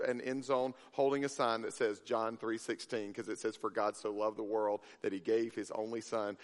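A man preaching a sermon, telling a story with acted-out voices, then dropping to a near whisper for emphasis. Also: mid-range voice. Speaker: pastor. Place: church sanctuary. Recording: reverberant sanctuary.

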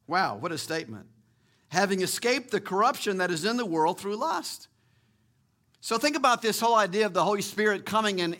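A middle-aged man preaching in a high, bright voice. He leans hard on key words, repeats them, and slows down to drive a phrase home. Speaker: pastor. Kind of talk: sermon.

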